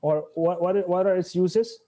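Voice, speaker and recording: A man's voice: high-pitched, fairly even intonation, measured pace, mellow. A man teaching Arabic grammar in an online class, switching between English and Arabic, restarting phrases and quizzing his students.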